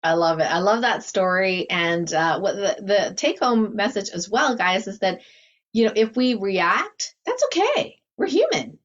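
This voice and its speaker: A woman's voice: medium pitch, very animated, a little slow, highs cut off. A woman talking casually and animatedly, often laughing and acting out her inner thoughts. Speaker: guest teacher. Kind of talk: casual conversation.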